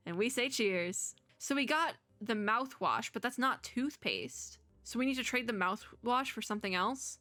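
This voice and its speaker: A young woman doing let's play commentary, chatty and animated, reading game dialogue aloud. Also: on the high side, normal speed, hardly any pauses, no echo. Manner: chatty, animated, reads lines in voices, laughs often. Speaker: gaming YouTuber.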